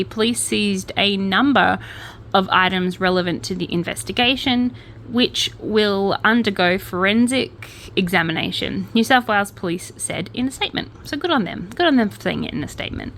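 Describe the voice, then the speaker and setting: An Australian woman at a middling pitch reads crime stories in a relaxed, chatty way, tossing in wry remarks and correcting herself as she goes. A faint hum sits behind her voice. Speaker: crime news vlogger. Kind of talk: casual commentary reading out news stories.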